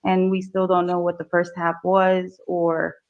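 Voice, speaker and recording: A woman's voice: fairly low pitch, level tone, measured pace. A woman testifying in court, answering politely but defensively. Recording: dull courtroom audio.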